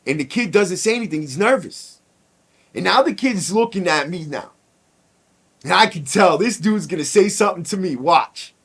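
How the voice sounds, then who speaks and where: A podcast host telling a personal story in casual, blunt, profane street talk. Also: male voice, high voice, expressive, moderate pace, fairly bright tone, slightly rough.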